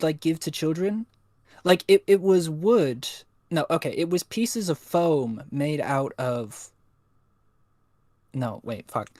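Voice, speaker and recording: A man's voice: fairly high pitch, dry recording, studio quality. A young man chatting casually on a livestream, rambling and swearing with self-mocking humor. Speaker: co-host. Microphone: USB desk microphone.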